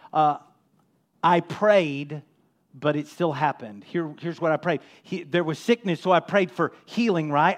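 A man preaching a sermon as pastor, dropping to a hush and rising to emphatic, loud peaks. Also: a little high. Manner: swings from hushed to loud, emphatic.

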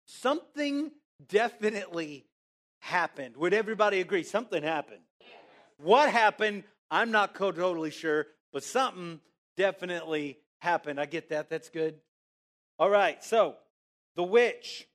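A man preaching a sermon in church, animated and casual, asking the congregation questions and answering them himself. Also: high voice. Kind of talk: interactive sermon.

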